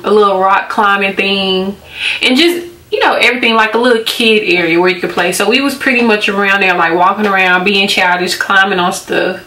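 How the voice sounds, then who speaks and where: A young woman, a beauty vlogger, tells casual stories and chats about skincare in a sharp, mid-range voice with a roomy sound, giggling often and leaning on plenty of fillers.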